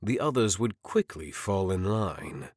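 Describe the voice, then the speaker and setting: A man playing a power-hungry lord, low, cold and threatening, dry close sound. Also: animated, a little slow, slightly rough, no echo, heavily acted. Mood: scheming. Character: scheming older lord, menacing and power-hungry.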